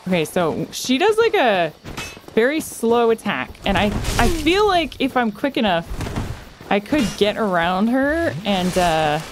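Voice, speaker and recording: A woman's voice: a little high, sing-song, a little slow, noisy background. A woman casually commenting on her own video game play, chatting to the enemies and exclaiming at close calls. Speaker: gamer streamer.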